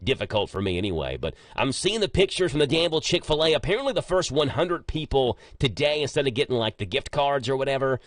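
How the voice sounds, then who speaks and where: A man, hosting a casual morning radio show and chatting in a joking, animated way. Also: medium pitch, fast, hardly any pauses, dry recording. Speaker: radio host. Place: radio studio. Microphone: studio microphone.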